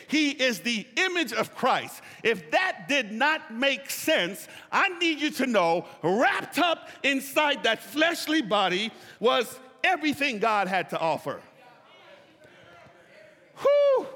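A man's voice: high voice, bright, forceful tone. A man preaching a sermon in a church, leading call-and-response by having listeners repeat phrases after him. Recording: long reverb of a large hall.

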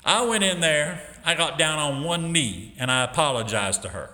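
Middle-aged male teacher testifying, emphatic storyteller, bright slightly high voice, long hall reverb. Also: expressive, moderate pace, hardly any pauses. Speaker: school teacher giving a testimony.

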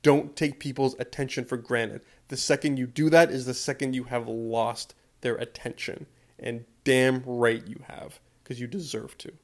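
A man's voice: mid-range voice, flat delivery, moderate pace. Fired-up profane man ranting. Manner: profane, repeating a refrain, emphatic. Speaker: podcast host. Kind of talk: fired-up podcast rant.

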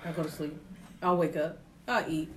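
A woman co-hosting a podcast in casual chat, loud and laughing, swearing freely. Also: low-pitched, fairly even intonation, moderate pace, a little hiss or hum. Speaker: podcast co-host.

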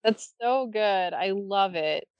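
A woman's voice: mid-range voice, slow pace, clean tone, no room sound, lo-fi sound. A woman co-hosting a casual podcast, chatty and amused as she answers word prompts. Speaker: podcast co-host.

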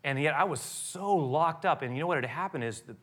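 A middle-aged pastor delivering a sermon in a bright, ringing voice that sits a little high. He preaches with animation and acts out back-and-forth dialogue between characters. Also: a little fast. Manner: animated preaching, acting out dialogue with rising intensity.

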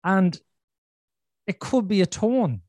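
A man's voice: high-pitched, expressive, takes it slowly, a little mellow, no room sound. A man hosting a podcast, talking candidly and bluntly, swearing freely and repeating himself for emphasis. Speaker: podcast host. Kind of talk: candid conversational chat.

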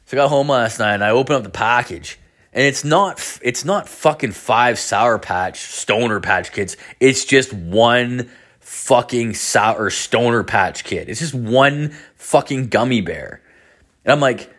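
A young man hosting a casual show, telling a rambling, profane story in an animated way. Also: mid-range voice, measured pace. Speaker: podcast host.

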